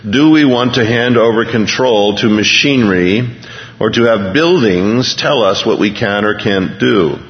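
A man's voice: fairly low pitch, unhurried. A male pastor preaching a sermon in a conversational way, reading a news item aloud and restarting his sentences as he goes. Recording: dull lo-fi recording with long hall reverb.

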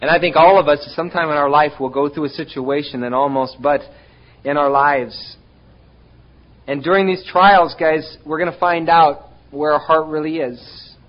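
A man's voice: on the high side, moderate pace, dull audio. A man preaching a sermon, talking straight to his congregation with rhetorical questions and sudden bursts of emphasis. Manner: animated, addresses congregation directly with rhetorical questions. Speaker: pastor.

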